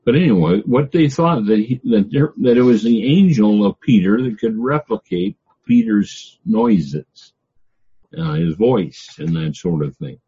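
A man teaching a Bible passage verse by verse, reading a line of scripture and then explaining it in his own words, pausing often on "uh". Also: on the low side, sing-song, warm tone, breathy edge, muffled recording. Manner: reads scripture then explains it, with frequent "uh" pauses.

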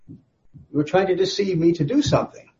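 A man's voice: high-pitched, a little fast, darkish tone, voice pushed up, close to an everyday voice. A man voicing God as a stern male deity, insistently repeating an accusation in a raised voice, on a slightly dull recording. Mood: accusing.

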